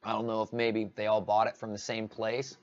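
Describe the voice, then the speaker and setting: A man's voice: lowish voice, monotone, fairly quick, dull audio. A man ranting casually on a livestream, rambling with many restarts. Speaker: live streamer.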